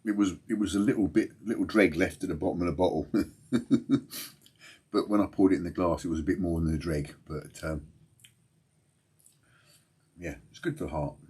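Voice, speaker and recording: A man's voice: low-pitched, moderate pace, pauses often, a little mellow, husky. A tired man chatting casually to his livestream viewers from home late at night, rambling and laughing often. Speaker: fishing livestream host.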